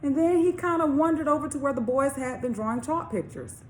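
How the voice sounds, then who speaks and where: Expressive woman reading a picture book aloud. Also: high-pitched, slight background noise. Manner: expressive, slow emphasis with questions to young listeners. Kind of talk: storybook read-along for children.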